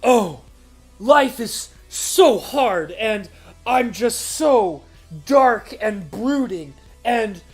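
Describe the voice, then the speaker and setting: A woman mimicking a smug, brooding young male anime hero in a droning, mock-humble voice. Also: on the high side.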